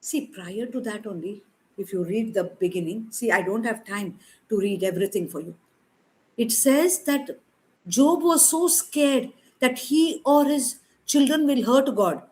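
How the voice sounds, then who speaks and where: A woman's voice: on the high side, animated, normal speed, darkish tone, rough recording. Woman, preacher, conversational sermon, emphatic, rhetorical questions. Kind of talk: informal sermon.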